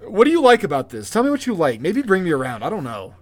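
A man's voice: high-pitched, wildly swooping pitch, quick pace. A man co-hosting a casual podcast, sarcastic and swearing freely. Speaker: podcast co-host. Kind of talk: casual chat.

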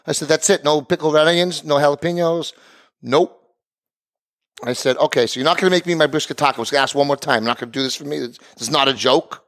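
A middle-aged man of Italian heritage, a podcast co-host who owns a barbecue business, tells a heated story as an animated rant. He talks fast in a slightly high, fairly bright voice and acts out both sides of the conversation.

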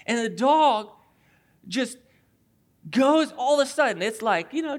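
High-voiced pastor telling a story. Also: male voice, normal speed. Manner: conversational, animated storytelling with voiced asides. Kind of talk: sermon.

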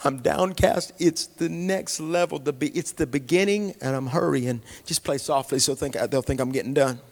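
A middle-aged male pastor preaching a conversational sermon, joking and dropping to hushed, sighing asides. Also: fairly high pitch, normal speed, vocal fry. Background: soft music.

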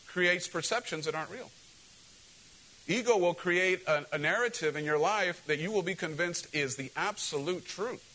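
A pastor with a high voice preaches to his church, animated and direct, acting out quoted voices and calling out questions to the congregation. The recording is rough.

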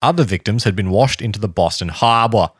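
A man hosting a podcast, reading a history story aloud to his co-host in a steady tone with dry asides. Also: lowish voice, fairly quick, husky, no room sound.

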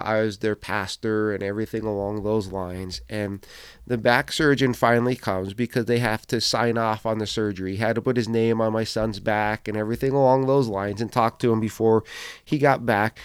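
A man's voice: on the low side, clean tone, no echo, clean studio sound. A man, a pastor, giving a sermon, telling a personal story and acting out quoted voices as he goes.

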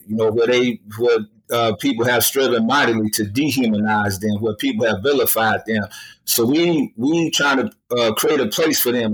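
A man's voice: mid-range voice, a bit bright, husky, poor audio. A man speaking as a guest on a radio talk show, emphatic and colloquial, repeating phrases for stress.

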